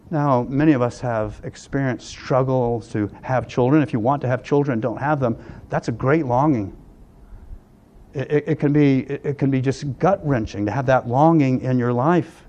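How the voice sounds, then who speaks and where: An older man preaching a sermon, earnest, often dropping to a hush on key lines. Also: medium pitch, brisk. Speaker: pastor.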